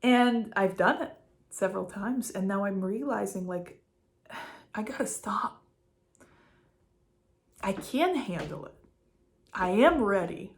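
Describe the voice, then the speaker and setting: A woman's voice: mid-range voice, lively intonation, slow, long pauses. A young woman speaking an unscripted, heartfelt spiritual monologue to her viewers, rambling and full of "like" fillers. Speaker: spiritual vlogger.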